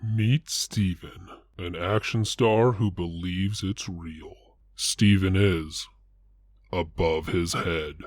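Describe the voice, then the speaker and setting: A man doing a booming trailer narrator. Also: fairly even intonation, slow pace, no echo, clean studio sound. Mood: mock-dramatic.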